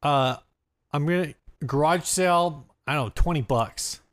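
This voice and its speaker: A man's voice: a little high, measured pace. A man co-hosting a podcast in casual chat, joking and teasing his partner. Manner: jokey, teasing banter. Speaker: podcast co-host.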